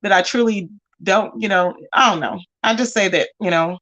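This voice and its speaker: A woman's voice: medium pitch, normal speed, a bit bright, lo-fi sound. A woman casually chatting on a livestream, reading out viewer comments and calling her audience y'all and baby.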